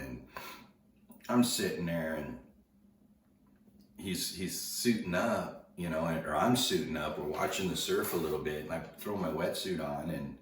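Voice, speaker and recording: A man's voice: very deep voice, slight background noise. A man telling a personal story in a rambling, conversational way, acting out the dialogue as he goes. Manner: rambling, conversational, with repeated restarts and quoted dialogue. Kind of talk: casual storytelling. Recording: echoey room heard from a distance.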